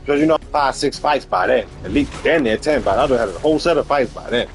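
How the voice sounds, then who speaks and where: A man tells a comic story on his live stream, swinging from loud bursts to mumbled asides. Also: mid-range voice, quick pace, few pauses, faint music behind. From New York.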